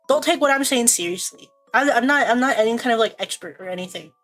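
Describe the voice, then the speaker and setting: A woman's voice: on the high side, expressive, fast talker, a bit bright, soft background music. A young woman streaming, chatting casually in a rambling, jokey way and laughing often.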